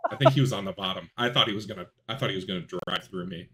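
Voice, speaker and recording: A man hosting a podcast, talking casually about sim racing and telling rambling, animated stories. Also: deep voice, very fast. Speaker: podcast host.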